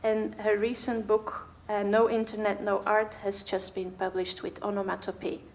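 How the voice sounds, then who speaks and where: A woman's voice: mid-range voice, level tone, moderate pace, a little hiss or hum. A woman moderating a conference, talking thoughtfully with hesitations in a theatre hall. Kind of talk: talk at a conference.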